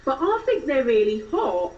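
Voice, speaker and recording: A woman voicing a bubbly, shallow young Essex woman, with an Essex accent, chatty rising questions and drawn-out words. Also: high voice, very animated, darkish tone, far from the mic, muffled recording.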